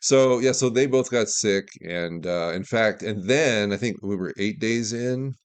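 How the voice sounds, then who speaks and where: A man's voice: lowish voice, unhurried, clear, resonant tone. A man from Alaska, a guest filmmaker telling candid, opinionated behind-the-scenes stories in a casual podcast interview. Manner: candid, opinionated, talks through anecdotes.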